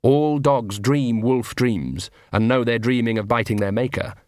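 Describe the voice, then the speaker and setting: A man's voice: mid-range voice, a little slow, darkish tone, no echo. A man narrating an audiobook in a dry, wry storytelling manner.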